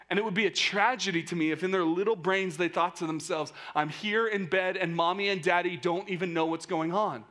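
Earnest conversational man preaching. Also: on the high side. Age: 30s. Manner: swings between quiet intimate lines and loud emphatic bursts. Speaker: youth pastor. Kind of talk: sermon.

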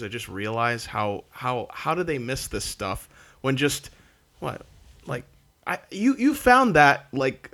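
A man co-hosts a casual podcast chat in a lively, laughing way, with plenty of filler words. His bright voice swings up and down and sits a little high. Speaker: podcast co-host.

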